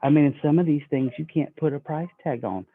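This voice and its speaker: A man's voice: on the high side, brisk. A man giving a sales training talk, folksy and acting out customer dialogue. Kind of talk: sales training talk with role-played pitches. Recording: tinny phone-like audio.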